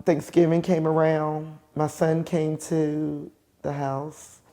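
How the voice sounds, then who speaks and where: A woman's voice: deep voice, little pitch movement, mellow. Emotional middle-aged woman telling her story. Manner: emotional, halting, with pauses and restarts. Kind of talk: personal testimony.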